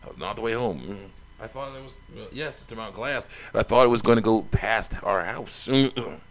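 Gravelly-voiced man chatting over a game. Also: fairly low pitch, normal speed. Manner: chatty, rambling, laughs often. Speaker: let's play host. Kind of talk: casual game commentary.

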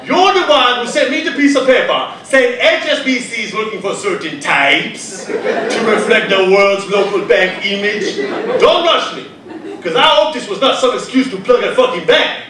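Man putting on a brash touchy foreigner, high voice, indignant, echoey hall, far off. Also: expressive, normal speed. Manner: loud, defensive, indignant. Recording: echoey venue from far off, noisy.

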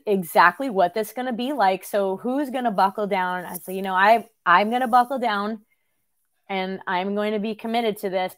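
A middle-aged woman hosting a podcast, telling a story in an animated, chatty way and laughing often. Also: medium pitch. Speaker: podcast host. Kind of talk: casual conversation.

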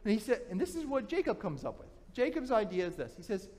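A male pastor preaching a sermon, retelling a story in an animated way, often restarting his phrases. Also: sits high, quick pace, big-room sound. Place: church sanctuary.

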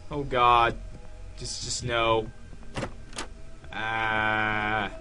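A man doing let's play commentary on a horror game, jumpy and panicky, yelling at the screen. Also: on the low side, flat delivery, extremely slow, faint music behind. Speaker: gamer playing a horror game.

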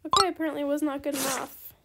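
A woman hosting a casual gaming video, chatty and excitable, politely turning down trade offers as she plays. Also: high voice, racing, heavy background noise. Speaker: gaming channel host. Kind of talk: casual gameplay commentary.

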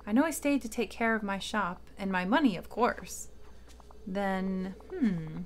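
A woman's voice: medium pitch, expressive, measured pace, close to an everyday voice. Scrooge McDuck, as a woman reads him. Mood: reminiscing. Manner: reading game dialogue aloud, barely voicing it. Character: miserly old male duck shopkeeper.

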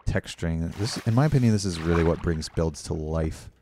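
This young streamer talks with viewers as he builds in a game, reading their messages out and apologizing a lot. His voice is deep and mellow, fairly quick, and the audio carries a little hiss or hum.

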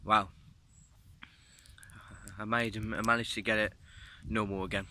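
A man's voice: on the low side, little pitch movement, measured pace, bright, forceful tone. A young man rambling casually outdoors, swearing constantly and saying "mate" and "literally" a lot as he records himself on a phone. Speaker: vlogger. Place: outdoors in woods and fields.

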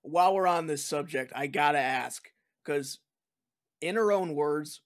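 Male host, fairly high voice, laughs a lot, excited fan. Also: a little slow. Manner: laughs often, fan-like enthusiasm. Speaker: podcast host. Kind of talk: casual interview.

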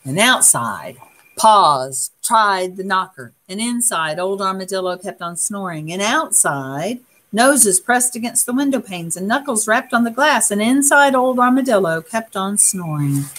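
A woman reading a picture book aloud in a soft, unhurried way, pausing to comment on the pictures. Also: medium pitch, lively intonation. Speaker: storyteller.

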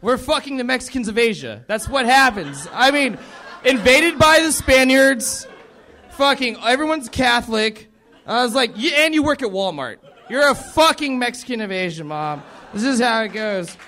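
A man's voice: very high-pitched, animated, moderate pace, bright, forceful tone, some chatter behind. A young man from the American South doing a profane, rambling stand-up set and laughing at his own jokes. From Southern United States. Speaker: stand-up comedian.

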